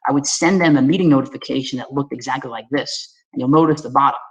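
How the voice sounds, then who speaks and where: Energetic man with a New York accent. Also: mid-range voice, fast, rough recording. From Staten Island, New York. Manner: energetic, folksy, conversational, addresses audience directly. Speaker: webinar guest presenter. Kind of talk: presenting slides in a webinar.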